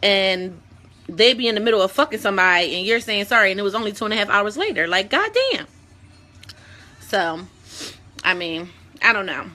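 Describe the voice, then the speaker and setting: Bright-voiced woman, blunt and profane. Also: mid-range voice, big pitch swings, normal speed, pauses often. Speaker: show host. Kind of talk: casual vlog talk.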